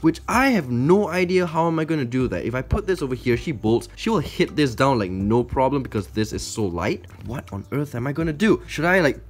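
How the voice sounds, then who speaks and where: A man vlogging as he handles a defensive tarantula, anxious and exclaiming, talking to viewers and to the spider. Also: mid-range voice. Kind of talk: casual vlog narration while handling a spider.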